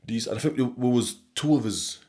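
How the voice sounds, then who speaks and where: A man's voice: medium pitch, normal speed, darkish tone. A young man with a Sheffield accent, hosting a casual monologue podcast, rambling and swearing freely as he laughs often. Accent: Sheffield English. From England. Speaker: podcast host.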